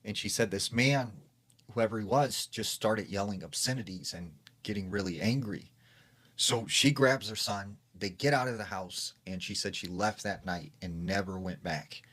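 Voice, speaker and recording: A man's voice: on the low side, moderate pace, fairly bright tone. A man casually retelling a scary story secondhand, with lots of fillers.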